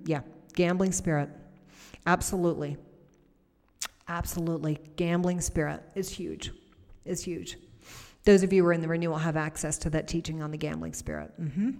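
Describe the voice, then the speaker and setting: A woman's voice: sits low, steady tone, moderate pace, pauses often, a little mellow, long reverb tail. A middle-aged woman preaching and praying over viewers on a livestream, talking conversationally and reading comments aloud. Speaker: prayer minister on a livestream.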